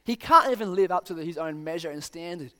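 An earnest male preacher delivers a sermon, often driving his point home with pointed rhetorical questions. His voice sits a little high for a man. The sound carries a long hall reverb. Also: lively intonation, quick pace, sharp tone.

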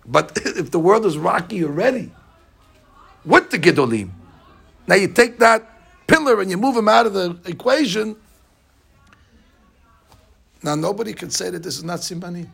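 A man, a rabbi, giving a storytelling sermon that swings between hushed and loud. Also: sits high, big pitch swings, moderate pace, gravelly, long pauses, husky. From United States.

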